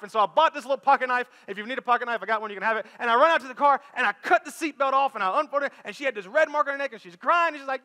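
Bright-voiced pastor in a reverberant church. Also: male voice, very high voice, very fast, few pauses. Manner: storytelling, conversational, builds to animated peaks. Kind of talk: sermon. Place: church sanctuary. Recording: long reverb of a church hall with faint music.

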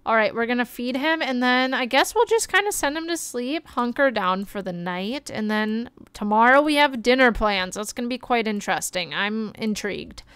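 A young woman streaming a life-simulation game, chatting excitedly and gushing over the characters as she plays. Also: on the high side, moderate pace, hardly any pauses, smooth, no room sound. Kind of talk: life-sim gameplay commentary.

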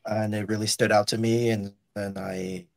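A man, an author co-hosting the podcast, speaking in a hesitant, halting way. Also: fairly low pitch, flat delivery, creaky, no room sound. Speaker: author, co-host. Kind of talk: casual podcast chat.

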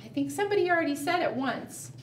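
A woman librarian reading a picture book aloud at a preschool storytime, gentle and sing-song, asking the children questions. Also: very high voice, expressive, fast talker, echoey room, far from the mic, a little hiss or hum.

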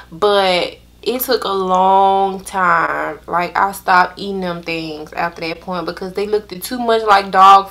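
A young woman, telling a storytime to her viewers in an animated, drawn-out way. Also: medium pitch. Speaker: vlogger. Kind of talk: casual storytime chat.

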